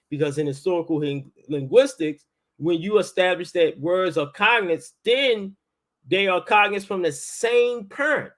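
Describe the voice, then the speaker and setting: Man, teacher, informal lecture, emphatic, repeats himself, raised pitch. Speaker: language teacher.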